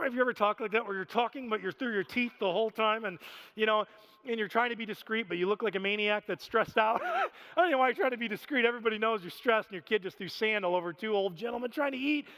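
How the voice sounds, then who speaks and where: A man in his thirties preaching a sermon, telling stories in an animated, self-deprecating way with frequent laughter. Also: high voice. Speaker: pastor. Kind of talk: storytelling sermon. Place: church sanctuary. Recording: reverberant church hall.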